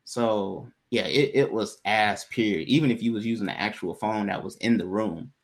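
In a fairly low voice at normal speed, a man casually shares a story from his own life with a co-host. He keeps it slangy and easygoing, though he gets animated when quoting others.

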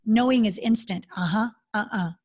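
A woman's voice: mid-range voice, normal speed, a little mellow, breathy edge. A woman hosting a casual conversation, talking with enthusiasm and acting out inner voices.

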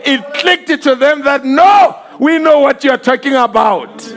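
A man preaching with fiery passion, his voice pitched unusually high for a man. He shouts through the peaks, calls out hallelujah and slips into the voices of the people in his stories. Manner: impassioned, often shouting, cries of hallelujah; acts out quoted voices while storytelling. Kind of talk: fervent sermon.

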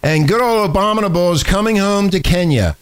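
A man's voice: high-pitched, expressive, a little fast, smooth. A man co-hosting a talk show with a sore throat, reading news items in casual banter and often stumbling over and repeating words. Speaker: radio talk show co-host.

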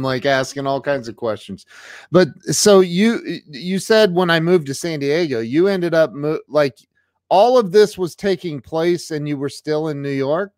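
A man hosting a casual interview, mostly giving short agreeing replies and asking halting questions. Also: on the high side, no room sound, clean studio sound. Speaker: podcast host.

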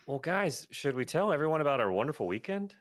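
A man's voice: fairly high pitch, very animated, fast. A man co-hosting a podcast, playfully leading a casual chat. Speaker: podcast co-host.

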